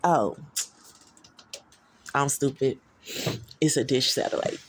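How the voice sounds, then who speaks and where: A woman vlogger speaks casually into her phone camera in a bass voice, taking it slowly with slight background noise. She tells personal stories in a rambling, candid way, full of slang and profanity.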